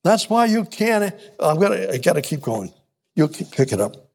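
A man preaching a sermon in an emphatic, repetitive way, with frequent restarts and halting pauses. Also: sits high, sing-song, vocal fry, darkish tone.

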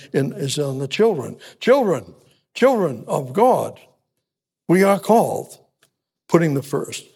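A man preaching a sermon in an emphatic, repetitive way, with frequent restarts and halting pauses. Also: medium pitch, creaky, a little mellow, husky.

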